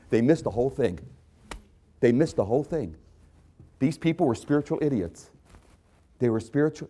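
An impassioned male pastor preaches in a mid-pitched voice. He repeats phrases for emphasis and swings between bursts and low, intense asides. It is a sermon delivered to a congregation. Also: quick pace, long pauses. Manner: impassioned, repetitive, swings loud to soft.

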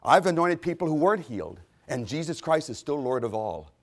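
A middle-aged man preaching a sermon, fervent and rising to loud, emphatic peaks. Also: a little high, very animated, fairly quick.

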